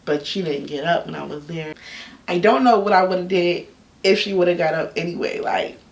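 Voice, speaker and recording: A young woman telling a personal story in a casual, candid vlog, full of slang and animated asides. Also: on the low side, moderate pace. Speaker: YouTube storyteller. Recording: echoey room, a bit off-mic.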